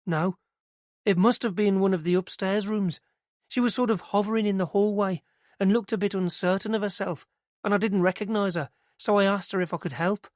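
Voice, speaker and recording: A woman's voice: mid-range voice, fairly even intonation, brisk, darkish tone, no room sound, studio quality, voice pushed up, close to an everyday voice. A man voicing a young woman who works at a nursery, telling what she saw in a chatty, hesitant, rambling way. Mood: eager recounting. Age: young adult. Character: young British nursery worker, eager, nervous.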